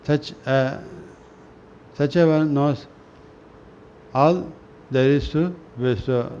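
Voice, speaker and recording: A man reading spiritual scripture aloud in a slow, halting way, often restarting words and clearing his throat. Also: a little high, warm tone. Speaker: reader of a spiritual newsletter. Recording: dull lo-fi recording with faint noise.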